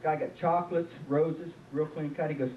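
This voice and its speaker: A stand-up comic performs folksy jokes for a live audience in a small club, full of "uh" and "he says," in a fairly high, steady voice at normal speed. The tape is echoey, lo-fi, very noisy, and recorded from a distant mic.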